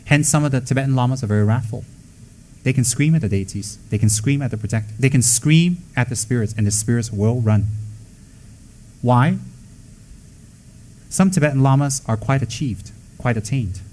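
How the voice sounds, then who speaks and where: A man's voice: mid-range voice, lively intonation, normal speed, long pauses, darkish tone, a little hiss or hum, low-quality recording. Blunt, joking male dharma teacher. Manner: blunt, scolding, joking asides; acts out quoted voices. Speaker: Buddhist teacher. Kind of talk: dharma talk to students.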